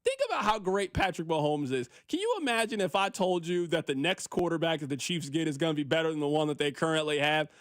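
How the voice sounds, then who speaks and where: A man hosting sports talk radio with a high, very lively voice that leaps around. He talks in an animated, mock-exasperated way, often circling back to repeat himself. His pitch sits well above most men's. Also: fast, hardly any pauses, no room sound, clean studio sound.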